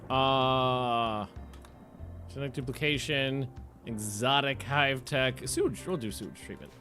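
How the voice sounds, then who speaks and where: A man's voice: mid-range voice, measured pace, pushed and bright, faint music behind. A young American man streaming a colony game, rambling and correcting himself as he plays. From United States. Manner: chatty, rambling, self-correcting. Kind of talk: casual gameplay commentary.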